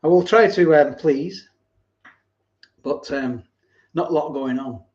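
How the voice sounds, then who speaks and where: A man hosting a casual live stream, reading viewer comments and thanking them by name, sometimes dropping into low asides. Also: slow pace, darkish tone, muffled recording. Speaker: host of a food channel live stream.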